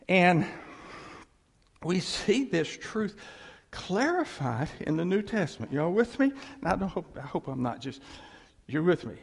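A man preaches a sermon with a gravelly, husky voice and a pitch that leaps up and drops low. He talks to the congregation casually and asks them to follow along. His voice rings out with a long reverb in a big church hall. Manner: animated, conversational preaching with audience call-backs. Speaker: pastor.

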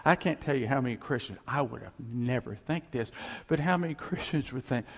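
A man preaching a sermon as pastor, animated and conversational, with folksy asides to the congregation. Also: mid-range voice, brisk, gravelly, breathy edge, big-room sound.

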